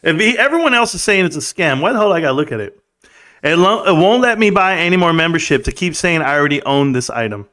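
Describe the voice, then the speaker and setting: A man's voice: fairly high pitch, sing-song, quick pace, sharp tone. A man hosting a casual livestream from a room at home, reading out chat in a laid-back, chummy way and laughing often.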